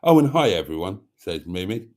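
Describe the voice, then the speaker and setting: A man's voice: on the low side, darkish tone. A middle-aged man, chatting camply as he hosts a late-night live stream and reads out viewer comments.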